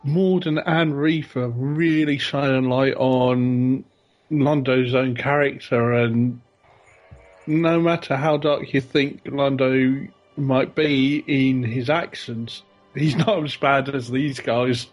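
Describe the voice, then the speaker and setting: A man with a mid-range voice speaks slowly in a casual fan discussion. He weighs his words and pauses to find them. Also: medium pitch, steady tone, dull audio, faint music behind.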